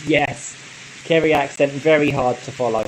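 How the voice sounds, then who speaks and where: A man hosting a casual live stream, chatting in a relaxed way and answering viewer comments with frequent light laughs. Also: mid-range voice, moderate pace, a little hiss or hum, rough recording. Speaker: model railway channel host.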